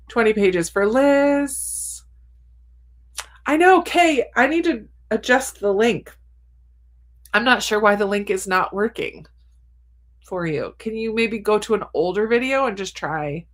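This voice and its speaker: A woman's voice: mid-range voice, lively intonation, unhurried. A woman hosting a cozy reading livestream from her attic, reading viewers' comments aloud and reacting with frequent laughs. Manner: laughs often between comments. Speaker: booktuber host reading live chat. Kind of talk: casual livestream chat. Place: home attic.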